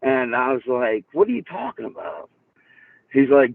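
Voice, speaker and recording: A man's voice: mid-range voice, very animated, moderate pace, creaky, no echo, recorded from a distance. A man calling in to tell a story in casual chat, rambling with restarts and laughing often. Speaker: caller. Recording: tinny phone line.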